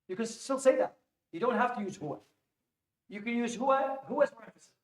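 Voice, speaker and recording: In an echoing classroom, a man with an extremely high-pitched voice lectures on Arabic, speaking fast and expressively. He quizzes his students and repeats phrases, restarting frequently.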